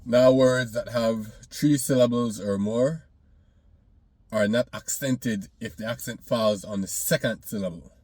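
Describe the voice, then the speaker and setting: A man teaching a recorded language lesson, saying each example word twice and loudly before giving its meaning. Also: medium pitch, unhurried, dry recording.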